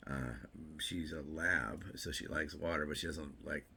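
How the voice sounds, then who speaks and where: Male vlogger, low gravelly voice, chatty and meandering, with jokey asides. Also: fairly even intonation, unhurried, pushed and bright, slight background noise. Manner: rambling, chatty, self-interrupting with repeats and fillers; joking asides. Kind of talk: casual morning vlog chat.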